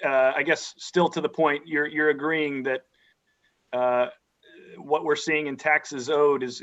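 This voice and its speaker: A man on a county board asking careful, measured questions in a public meeting, often restarting his sentences. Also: medium pitch, fairly bright tone. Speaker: county supervisor. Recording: dull lo-fi meeting audio.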